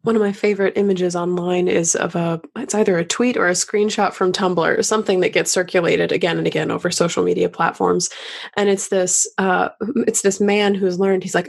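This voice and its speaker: A woman hosting a podcast, asking thoughtful questions in a relaxed conversational interview. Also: on the low side, brisk, vocal fry, slightly rough. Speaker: podcast host.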